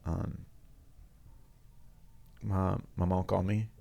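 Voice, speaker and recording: Deep gravelly man, halting storyteller. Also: flat delivery, dark tone. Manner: halting, earnest retelling with frequent restarts. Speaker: guest. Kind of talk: personal storytelling in a studio interview. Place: studio.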